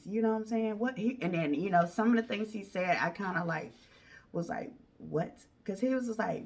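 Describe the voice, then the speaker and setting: A woman's voice: mid-range voice, brisk. Woman, storytime vlogger, casual slang, acts out voices, slightly distant mic. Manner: animated, acts out other people's lines in raised voices.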